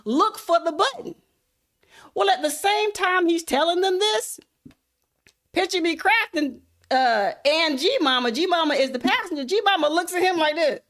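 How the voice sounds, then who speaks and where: A woman's voice: extremely high pitch, animated, normal speed, fairly bright tone. A woman giving a motivational talk through a folksy, casual story, speaking straight to her listeners. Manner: folksy, addresses listeners as y'all. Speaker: content creator, motivational speaker.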